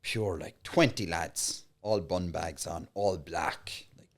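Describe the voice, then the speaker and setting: An Irish man, a comedian, telling lively, swearing anecdotes as a podcast guest and acting out the voices of the people in his stories. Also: low voice, slow pace. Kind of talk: animated anecdote-telling in casual interview.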